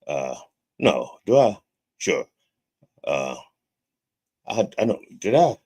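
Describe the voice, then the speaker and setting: Styled as a reverend, a male podcast host curses his way through a comedic rant, repeating himself and asking "okay" again and again. His low, husky voice has a darkish, sing-song quality and an unhurried pace.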